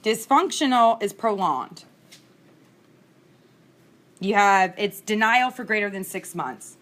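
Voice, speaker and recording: She's an instructor in her thirties, lecturing casually with lively intonation, a slow pace, and a fairly bright, medium-pitched voice. Chatty and open, she laughs through personal stories, captured on a screencast recording mic.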